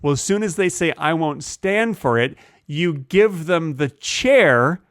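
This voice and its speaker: A podcast co-host riffs on absurd ideas with mock-serious confidence. His voice is a bit high and bounces around a lot. The sound is dry and close, like a call recorded at home. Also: lively intonation, measured pace, fairly bright tone, no room sound. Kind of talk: casual comedic chat.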